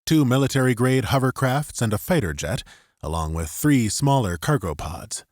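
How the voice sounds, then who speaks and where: A man narrating a science fiction audiobook in an expressive scripted style, close to the mic. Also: mid-range voice, normal speed, no room sound.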